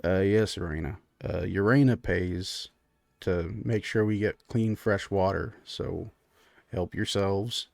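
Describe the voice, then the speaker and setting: A hulking but henpecked furbolg dad, put on by a man, mumbling in a low, soft voice full of hesitant restarts. He sounds dry and close, as if tucked right up to the mic. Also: slow pace, vocal fry, no echo, exaggerated voice. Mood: sheepish. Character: meek browbeaten male furbolg father.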